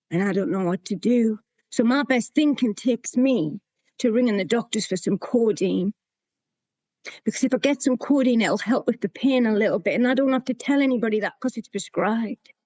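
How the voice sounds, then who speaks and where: A woman's voice: medium pitch, mellow, no echo. A woman, telling her own recovery story to a meeting in a candid, plain-spoken way. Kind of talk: sharing a personal recovery story.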